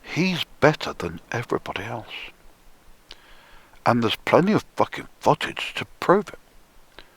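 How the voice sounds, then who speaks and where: Slow, husky man ranting. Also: medium pitch, sing-song, no echo. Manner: profane, sneering, drops into hushed whispers for emphasis. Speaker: conspiracy commentator. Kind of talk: ranting monologue.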